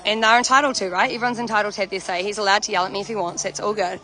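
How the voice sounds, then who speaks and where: A woman's voice: medium pitch, steady tone, very fast, sharp tone, low-quality recording. A woman live-streaming casual chat to her viewers from an outdoor protest camp, speaking from a handheld phone. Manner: chatty, talks straight to viewers. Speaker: livestreamer. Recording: outdoor crowd and music behind.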